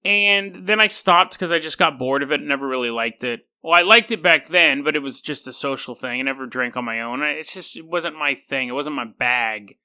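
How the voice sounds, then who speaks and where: A man in his thirties hosting a podcast, telling stories in an animated, rambling way and laughing often. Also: fairly high pitch, fairly quick, few pauses. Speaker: podcast host. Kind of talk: casual podcast monologue.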